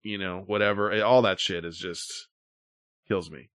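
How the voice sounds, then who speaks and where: A man with a lowish voice grumbles through his pet peeves in casual chat. He swears freely. The recording is dry, with little room sound. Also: steady tone, moderate pace, a bit bright, no room sound.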